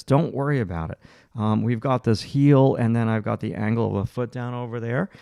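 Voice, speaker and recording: Gravelly-voiced man coaching while he draws. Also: medium pitch, fairly quick, dark tone, no echo, clean studio sound. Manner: talks through each stroke in short, encouraging bursts. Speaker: art instructor. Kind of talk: livestream drawing lesson, thinking aloud while sketching.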